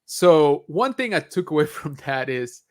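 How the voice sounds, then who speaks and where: A man's voice: a little high, sing-song, unhurried. A man co-hosting a casual podcast review, talking in a rambling way with many fillers and restarts. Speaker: podcast co-host. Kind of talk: casual chat.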